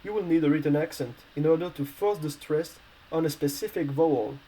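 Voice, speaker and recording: A man walks learners through a grammar lesson in English, which is not his first language. His voice sits a little high but sounds mellow and soft-edged. He talks haltingly, with frequent fillers and self-corrections. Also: poor audio. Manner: hesitant, many fillers and restarts. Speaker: language teacher.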